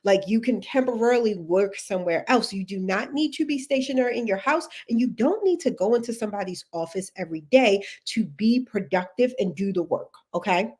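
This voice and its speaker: A woman's voice: medium pitch, animated, brisk, hardly any pauses, a little mellow, breathy edge. A woman from Texas with a Texan accent, hosting a casual livestream as a career coach, chatty, laughing often and greeting viewers by name.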